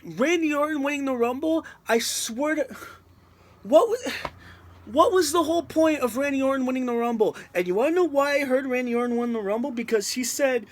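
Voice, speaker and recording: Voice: high voice, brisk. A video reviewer ranting in an exasperated, emphatic way, often repeating the same point. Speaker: wrestling reviewer on a video channel.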